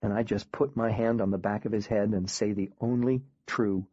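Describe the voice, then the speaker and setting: A man reading a first-person audiobook in a quiet, grave, measured way. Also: on the low side, steady tone, no echo, muffled recording. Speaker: audiobook narrator.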